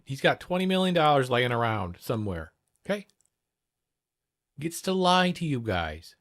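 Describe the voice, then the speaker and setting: Male streamer, slightly high pitch, angry and sarcastic, heavy swearing. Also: fairly bright tone. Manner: heated, sarcastic, swears constantly. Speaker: livestream host reacting to a clip. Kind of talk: profane reaction commentary.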